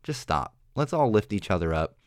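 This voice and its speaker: A man's voice: fairly low pitch, very animated, normal speed, clean tone, no echo, clean studio sound. A young man hosting a solo podcast, rambling with many restarts, earnest and exasperated. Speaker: podcast host. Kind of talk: solo opinion monologue. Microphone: studio microphone.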